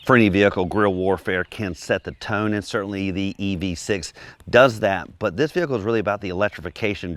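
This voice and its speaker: A man with a deep, low voice walks through a car review in a relaxed, descriptive, conversational way. The sound is dry and close, with no room around it. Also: no echo.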